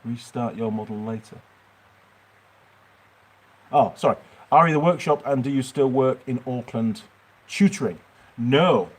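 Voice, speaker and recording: A man's voice: medium pitch, animated, measured pace, long pauses. Middle-aged Yorkshire man, mid-range voice, rambling livestream host answering viewers from his workshop. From Yorkshire, England. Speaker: mechanic channel host. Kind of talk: livestream Q&A chat.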